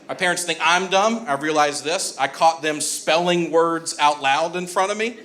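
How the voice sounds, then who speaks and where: Bright-toned young man doing stand-up. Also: fairly high pitch, moderate pace, few pauses. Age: 20s. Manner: chatty, laughs mid-joke, works the crowd. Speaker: stand-up comedian. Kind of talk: stand-up comedy set. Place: comedy club stage.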